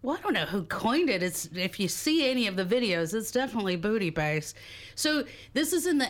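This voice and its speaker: A woman's voice: medium pitch, sing-song, fairly quick. A woman with her morning voice on, chatting and explaining music on a radio segment, with fillers and laughs. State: morning voice, a little low. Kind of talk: casual radio chat.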